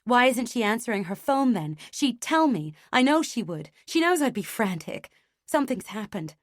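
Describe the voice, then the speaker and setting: A woman reading an audiobook, voicing a panicked young mother who sobs and shouts in a raised, strained voice. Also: fairly high pitch, big pitch swings, moderate pace, dry recording, studio quality, pitched above the performer's own voice.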